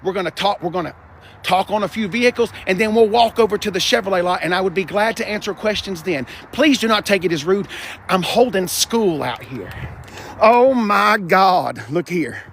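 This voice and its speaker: A man vlogging on a car dealership lot, chatty and animated, talking to the cars and his viewers. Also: high voice, moderate pace, slight background noise. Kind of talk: live-streamed dealership walkaround.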